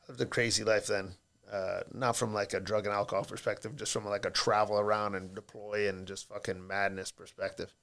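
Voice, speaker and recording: A man's voice: lowish voice, level tone, fairly quick, gravelly, a bit bright. A man in his thirties, a podcast guest in a studio, talking in a rambling, profane, joking way. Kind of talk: casual podcast chat.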